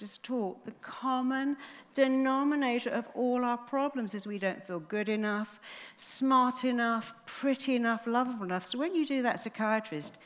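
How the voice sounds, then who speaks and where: A middle-aged woman telling a story to an audience, animated and acting out the voices of the people she quotes. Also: a little high, moderate pace, in a large hall. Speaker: speaker telling a client story.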